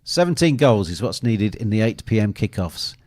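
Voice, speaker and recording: A man's voice: on the low side, very animated, normal speed, darkish tone, dry recording. Man, betting show host, jokey live commentary, dry close-miked sound. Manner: jokey, teasing, reads viewer comments aloud. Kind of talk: live match commentary and banter.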